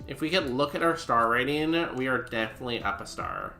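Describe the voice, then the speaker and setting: A man's voice: medium pitch, expressive, a little fast, sharp tone. A man streaming a game, chatting casually with goofy, self-mocking humor. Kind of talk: casual gameplay commentary. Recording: roomy echo with music behind.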